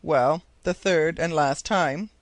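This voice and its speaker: A man's voice: on the high side, slow, no echo. A man voicing an eager, talkative male geographer who explains his ideas insistently. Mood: explaining.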